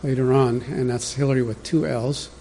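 A man's voice: medium pitch, steady tone, moderate pace, warm tone, a little hiss or hum. A man preaching a sermon as pastor, in a conversational teaching manner that speaks directly to the congregation.

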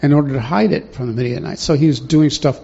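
A man's voice: mid-range voice, quick pace, creaky, warm tone, husky. A man preaching a sermon in a conversational way, often putting questions to the congregation, in a dull lo-fi recording.

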